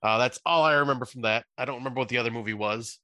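A man in his thirties co-hosts a podcast, rambling through easygoing, casual chat packed with "uh" fillers. His medium-pitched voice is very fast, pushed, and bright, with no room sound.

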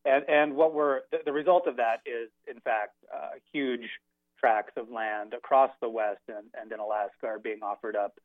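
A man's voice: medium pitch, fairly even intonation, no room sound. Man speaking over a tinny phone line. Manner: measured, hesitant with many fillers. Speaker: guest journalist. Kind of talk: radio phone interview.

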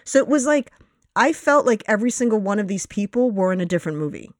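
A woman's voice: mid-range voice, big pitch swings, fast, no room sound, clean studio sound. A woman co-hosting a casual film review podcast, blunt and opinionated, with the odd swear. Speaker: podcast co-host.

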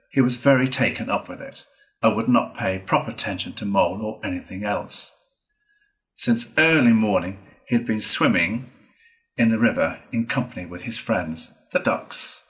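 Male storyteller with a lowish voice, reading aloud at a steady, measured pace. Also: poor audio. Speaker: reader. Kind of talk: reading a children's classic aloud.

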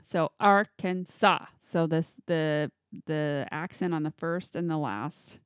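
A woman's voice: sits low, takes it slowly, darkish tone, smooth, no echo, clean studio sound. A woman co-hosting a casual chat show, reading out odd laws in an easygoing way and laughing often. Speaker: podcast co-host.

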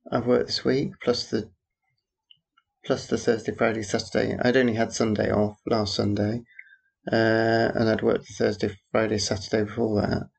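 A man's voice: lowish voice, gravelly. A man rambling through a personal audio diary, making dry, wry asides about passers-by. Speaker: theatre worker.

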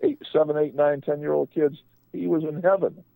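A man's voice: a little high, steady tone, moderate pace, creaky, warm tone, no room sound, rough recording. An older man, a sports agent, telling rambling anecdotes on a radio talk show, often restarting his sentences.

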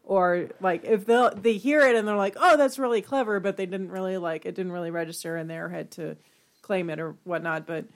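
A woman co-hosting a casual podcast chat, relaxed and chatty. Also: on the low side, a little fast. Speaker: podcast co-host.

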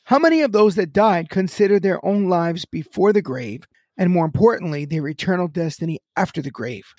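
A man's voice: sits high, a little mellow, no room sound, clean studio sound. A man hosting a Christian podcast, talking with an emphatic, preacherly cadence. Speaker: podcast host. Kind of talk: podcast chat on Christian topics.

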